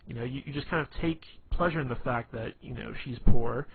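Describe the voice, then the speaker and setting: A man's voice: medium pitch, fairly quick, creaky. A man giving casual dating advice in a rambling way, full of fillers and restarts. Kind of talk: casual spoken advice monologue. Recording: tinny phone-like lo-fi recording with faint hiss.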